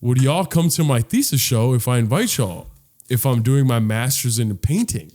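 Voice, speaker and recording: A man co-hosting a casual podcast, reacting quickly, teasing his partner and reading out listener questions. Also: medium pitch, expressive, mellow. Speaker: podcast co-host.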